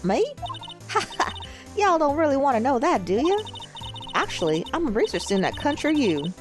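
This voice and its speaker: Lady doing a brassy southern drawl country gal, high and swoopy, game dub read. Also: big pitch swings, moderate pace, soft background music. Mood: brash. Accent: put-on American Southern drawl. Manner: folksy, boisterous, teasing. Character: brash loud country woman photographer, young adult.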